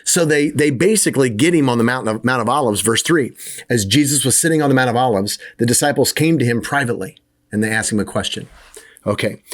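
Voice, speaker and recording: A man teaching a Bible lesson in a casual, conversational way, sometimes acting out the disciples' questions in a raised voice. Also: mid-range voice.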